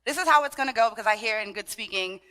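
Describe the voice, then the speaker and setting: A woman's voice: on the high side, rapid-fire, long reverb tail. A Brooklyn-born woman with a Trinidadian lilt, leading a conference audience in a playful, sing-song way. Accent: Trinidadian-tinged New York. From Brooklyn, of Trinidadian family. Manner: sing-song, animated, playful, leads call-and-response. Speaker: dance workshop leader. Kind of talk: lively talk to a conference audience. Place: large conference hall.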